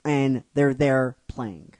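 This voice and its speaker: A man narrates an emotional story slowly, often breaking off and restarting his phrases as he goes. His pitch is middle of the road, and the recording is dry and close. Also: a little mellow, no echo, poor audio. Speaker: narrator retelling a fan script.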